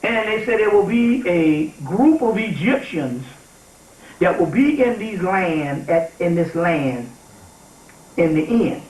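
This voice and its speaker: A man giving an informal spiritual lecture to a live audience, animated and emphatic, often checking in with his listeners. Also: high-pitched, slow. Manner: animated and emphatic, often asks "you see what I'm saying?". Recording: echoey room, taped from far off.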